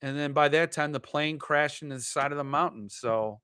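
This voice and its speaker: A man's voice: on the high side, moderate pace, bright, forceful tone, clean tone, no echo, clean studio sound. A man hosting a casual book live stream, joking and rambling in a self-mocking way.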